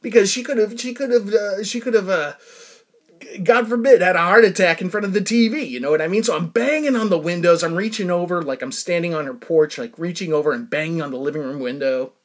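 A middle-aged man hosting a show tells a personal story in a casual, rambling way, full of fillers and bursts of laughter. His voice sits high and his pace is brisk.

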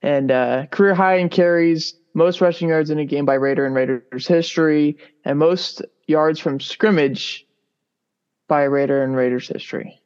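A man co-hosting a sports podcast, talking in a relaxed, rambling way with lots of fillers. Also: a little high, moderate pace, smooth. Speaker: podcast co-host. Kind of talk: casual sports podcast chat. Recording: dull lo-fi sound.

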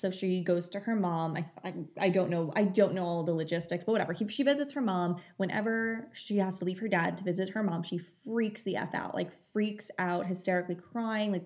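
A woman's voice: medium pitch, a little mellow. A young woman telling a long story in casual chat, full of fillers. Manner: chatty storytelling, many fillers.

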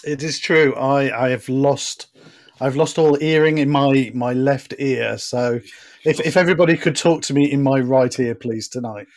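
A man's voice: mid-range voice, normal speed. A man co-hosting a podcast in casual chat, trading dry, teasing one-liners. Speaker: podcast co-host.

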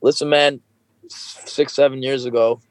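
A man's voice: medium pitch, normal speed, dry recording, low-quality recording. A man chatting casually as a podcast host, swearing freely and acting out the people he quotes. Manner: profane, animated, acts out quoted people. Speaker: music video director.

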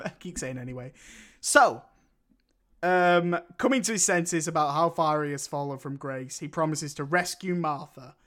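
A man's voice: high-pitched, sharp tone. A man co-hosting a casual film review podcast, rambling and often breaking into laughter. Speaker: podcast co-host.

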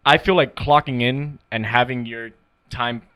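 A man's voice: medium pitch, fairly even intonation, unhurried, pushed and bright, clean tone. A man hosting a podcast, chatting casually, agreeable and asking follow-up questions.

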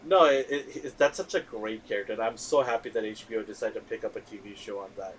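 A man hosting a casual movie chat, excitable and rambling, with lots of fillers and restarts. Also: on the low side, fast, slight background noise, low-quality recording. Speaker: podcast host.

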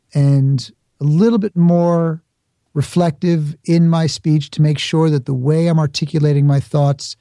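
A man's voice: fairly high pitch, mellow, dry recording, clean studio sound. A middle-aged man from the Bronx, a podcast guest talking in a reflective, explanatory way. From the Bronx, New York. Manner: reflective, explains with examples and acted-out asides. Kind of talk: conversational interview.

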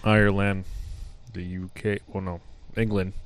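A man's voice: low-pitched, level tone, unhurried. A man co-hosting a podcast, joking crudely and swearing in casual banter. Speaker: podcast co-host.

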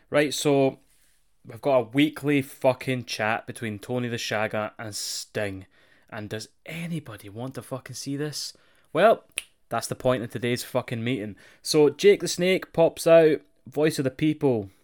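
A man co-hosting a casual wrestling chat, swearing a lot and getting animated, sometimes mimicking voices. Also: medium pitch, moderate pace, smooth. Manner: sweary, animated, jokey, does mocking voices. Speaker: wrestling podcast co-host.

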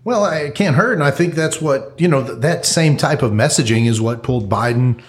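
A man's voice: mid-range voice, normal speed. Earnest hesitant man, talk co-host. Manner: earnest, hesitant, many fillers and restarts. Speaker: podcast co-host. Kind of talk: casual political chat.

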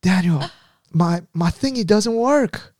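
A man's voice: sits high, animated, slow pace, a little mellow, no room sound, studio quality, pitched above the performer's own voice. A man doing a whiny aging tennis coach. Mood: whining.

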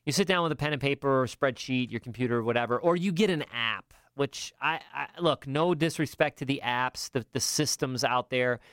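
A man from upstate New York hosting a podcast, talking in an upbeat, enthusiastic way with quick asides. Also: mid-range voice, a bit bright, smooth. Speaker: podcast host. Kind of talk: casual podcast chat.

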